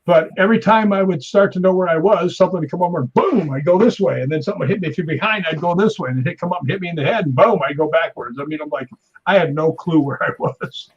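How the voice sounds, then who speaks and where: A man in his fifties, a stuntman guest on a talk show, telling animated anecdotes with sound effects and chuckles. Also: a little high, quick pace, husky. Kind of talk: casual interview storytelling. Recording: dull lo-fi sound.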